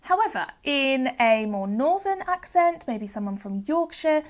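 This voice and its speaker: Presenting an educational phonics video, a woman from Southern England with a Southern English accent models each sound clearly and carefully as she sounds out words. She speaks in a high voice, very animated yet unhurried.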